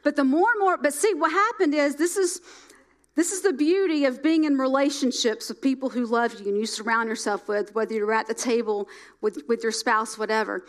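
A middle-aged woman delivers a sermon in a high voice. She repeats lines for emphasis and swings between loud, emphatic phrases and hushed, near-quiet ones. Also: brisk. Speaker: preacher.

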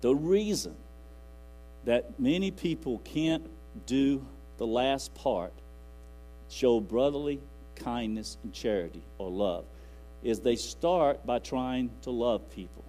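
A man's voice: medium pitch, expressive, takes it slowly, dark tone, low-quality recording. Folksy preacher man. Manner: folksy, rambling, quotes scripture aloud. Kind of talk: sermon. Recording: faint music and mains hum.

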